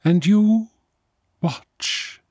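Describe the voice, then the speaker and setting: A cold, seductive vampire with a thin voice that rings like a struck bell, pitched far above the reader's own, as a man puts him on. The voice sounds slightly distant and unnatural, set against a dry, close storybook reading. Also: very slow, darkish tone, dry recording, full character voice. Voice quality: thin, ringing voice. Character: eerie pale male vampire, cold and seductive.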